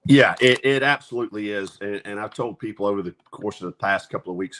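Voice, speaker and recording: A man's voice: fairly low pitch, fast, hardly any pauses, fairly bright tone. A man, an athletic director, talking in an upbeat, speechmaking way on a sports show. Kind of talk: casual sports talk.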